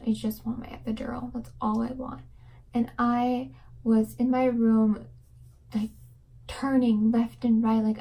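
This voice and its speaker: Young woman vlogger, mellow higher voice, chatty and rambling, slips into whispers. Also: poor audio. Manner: fast rambling with many fillers, drops to whispers. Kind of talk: casual storytelling to camera.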